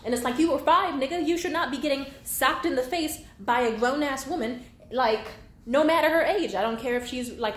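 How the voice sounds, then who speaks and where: Blunt, profane young woman venting. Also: sits high. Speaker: vlogger. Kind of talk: candid venting monologue. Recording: echoey room with faint background hum.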